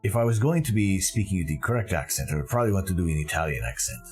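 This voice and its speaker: A man from Canada with a deep, low voice hosts a live stream in a relaxed, chatty way. He rambles eagerly and restarts his sentences often. Faint music plays quietly in the background. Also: racing. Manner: enthusiastic, rambling, self-correcting. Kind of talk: casual live-stream commentary.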